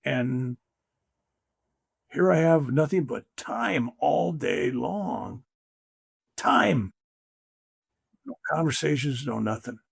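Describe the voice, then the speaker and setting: A man's voice: mid-range voice, takes it slowly, gravelly, pauses often, slightly rough, no echo, clean studio sound. An older man, a spiritual teacher, telling stories as a guest in a conversation, acting out the voices he quotes. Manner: animated storyteller, acts out quoted voices. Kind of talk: conversational storytelling.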